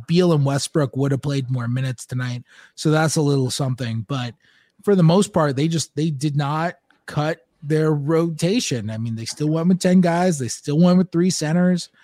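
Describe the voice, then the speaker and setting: A man giving casual sports analysis with a voice on the higher side for a man, recorded dry and close. He thinks aloud as he talks, stumbling and restarting sentences. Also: warm tone, no room sound. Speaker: podcast panelist.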